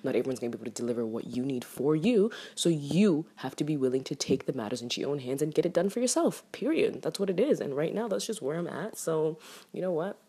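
Woman, very deep voice, husky, young, casual storytime rant, exasperated. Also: fast talker. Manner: animated, swearing, exasperated. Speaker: vlogger.

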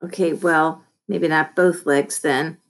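Lady reading as a bratty bossy kid boss, lowish voice, pushy and loud. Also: fairly even intonation, slow. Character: bossy young boy entrepreneur.

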